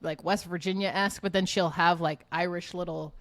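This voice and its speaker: A woman's voice: on the low side, fairly even intonation, normal speed, fairly bright tone, dry recording. A woman co-hosting a podcast, chatting casually in a teasing, playful way. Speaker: podcast co-host. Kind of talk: casual chat.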